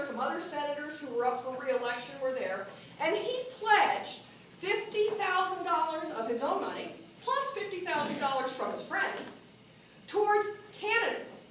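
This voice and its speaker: A woman giving an animated political speech at a party meeting, asking the audience questions as she goes. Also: extremely high pitch, slight background noise. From New Mexico. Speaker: political speaker. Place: meeting hall. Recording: echoey room from a distance.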